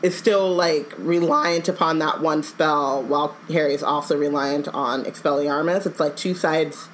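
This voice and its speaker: A woman's voice: deep voice, normal speed, slight background noise, poor audio. A woman co-hosting a casual podcast, talking in rambling sentences full of "like" and restarts. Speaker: podcast co-host. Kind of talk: casual chat.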